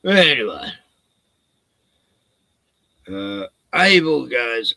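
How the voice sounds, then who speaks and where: A man's voice: medium pitch, animated, slow pace, vocal fry, long pauses, sharp tone, no room sound, rough recording. A man telling a story casually, profane and rambling, laughing at his own jokes.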